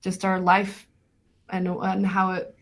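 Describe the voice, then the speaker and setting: A woman's voice: medium pitch, completely flat delivery, takes it slowly. A woman documentary filmmaker being interviewed on radio, talking thoughtfully with many fillers and restarts.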